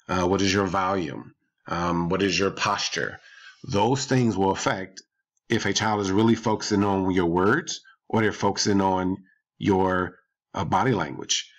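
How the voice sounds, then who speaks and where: Low-voiced man coaching parents calmly. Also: unhurried. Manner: calm, explanatory, repeats points. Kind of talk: advice podcast talk.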